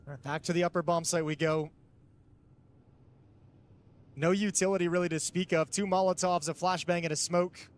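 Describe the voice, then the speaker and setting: A man's voice: sits high, fairly even intonation, moderate pace, long pauses. A man giving live analytical esports commentary, explaining tactics and thinking aloud.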